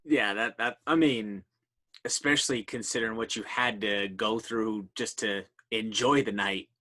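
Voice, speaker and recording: A man's voice: on the low side, steady tone, measured pace, sharp tone. A man hosting a podcast, chatting casually with a guest and laughing along with short replies. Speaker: podcast host. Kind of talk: casual interview chat.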